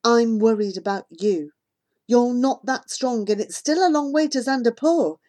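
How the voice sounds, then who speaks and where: Anxious caring young girl in an audiobook, pleading, high voice, a woman reading. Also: normal speed, warm tone, lightly acted. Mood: gentle.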